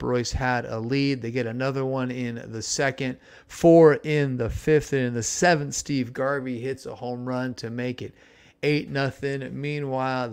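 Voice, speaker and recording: A man in his fifties from the San Francisco Bay Area, hosting a podcast and telling a nostalgic story in an animated, exclamatory way. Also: mid-range voice, clear, resonant tone. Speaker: podcast host.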